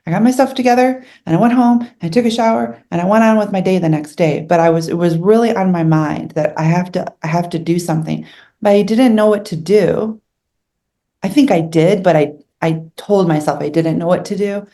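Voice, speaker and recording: Earnest middle-aged woman, low voice. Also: brisk, mellow. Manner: earnest, candid, emotional retelling. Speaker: interview guest. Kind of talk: personal storytelling in an interview.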